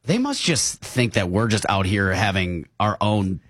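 A man co-hosting a radio show, chiming in with joking, lively asides. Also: lowish voice, a little slow, no room sound, clean studio sound. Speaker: radio co-host. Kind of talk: casual talk-radio banter.

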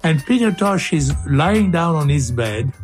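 A man's voice: a little high, a little slow, faint music behind. An older man hosting a radio show, joking and telling stories with playful asides and funny voices. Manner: jokey, animated, slips into funny voices. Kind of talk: playful radio banter and storytelling.

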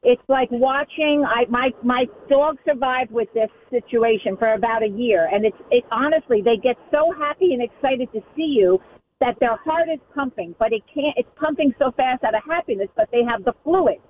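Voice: medium pitch, normal speed. A caller to a radio talk show, speaking in a heartfelt, rambling way. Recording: phone line with faint noise.

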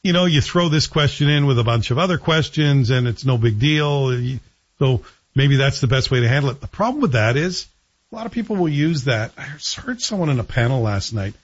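A man's voice: medium pitch, lively intonation, brisk, breathy edge, no room sound, dull audio. A man hosting a morning talk radio show, chatting casually and opinionatedly with a guest and chuckling between points. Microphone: studio microphone.

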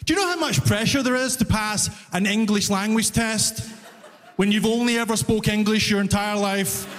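A Scottish man with a Glaswegian accent doing a stand-up comedy set, animated and mock-exasperated as he tells his story. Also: high-pitched, normal speed. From Scotland. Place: comedy club stage. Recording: reverberant live venue.

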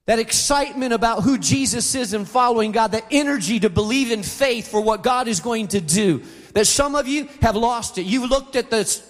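High-voiced pastor in a reverberant hall. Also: male voice. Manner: storytelling, acts out quoted voices. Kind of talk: sermon. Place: large auditorium.

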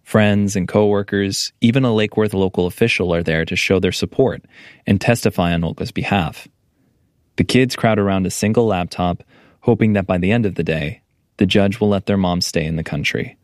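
A man narrating a documentary report as the reporter, in a measured, calm storytelling manner. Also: deep voice, no room sound, clean studio sound. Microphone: studio voice-over mic.

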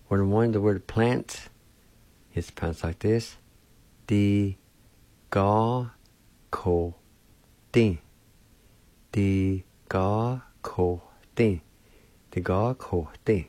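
A man hosting a radio language lesson, spelling out words and pronouncing them with slow, deliberate care. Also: low voice, warm tone, no room sound. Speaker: language teacher and radio host.

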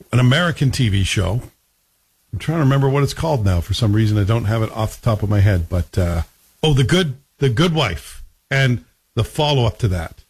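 A man's voice: medium pitch, husky. A man giving a casual spoken review of a TV series, chatty and wry, with conversational asides.

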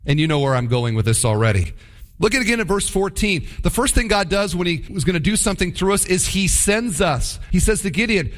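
A male pastor delivering a sermon with emphatic, animated storytelling. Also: sits high, brisk.

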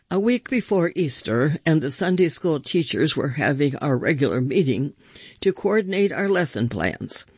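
A man reading first-person stories aloud with measured, expressive storytelling. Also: fairly high pitch, slightly rough, no room sound, muffled recording.

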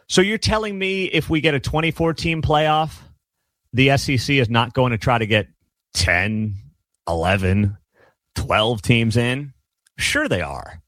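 Male sports show host, thirties, opinionated and emphatic, mid-pitched, dry booth sound. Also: measured pace, a bit bright, no room sound. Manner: emphatic, ranting, sarcastic asides.

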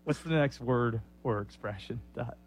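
A man on a talk show guessing at quiz answers, hesitant and thinking out loud. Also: mid-range voice, normal speed, over music. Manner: hesitant, thinking aloud with restarts. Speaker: co-host taking the quiz. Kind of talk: casual show banter.

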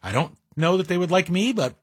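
A man's voice: sits high, lively intonation, a little fast, husky, no echo, studio quality. A middle-aged man guest hosting a talk radio show, speaking in a wry, self-deprecating monologue with asides. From Greek heritage. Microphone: studio mic.

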